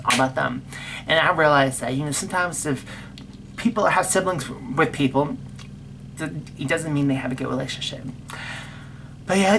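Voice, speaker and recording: A woman's voice: low-pitched, a bit bright, slight background noise. A young woman telling a personal story in a casual vlog, emotional, blunt and profane, rambling with many restarts. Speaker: vlogger.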